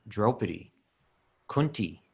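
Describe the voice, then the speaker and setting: Man, very deep voice, husky, calm explanatory co-host. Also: takes it slowly. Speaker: podcast co-host. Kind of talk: casual chat and scripture reading.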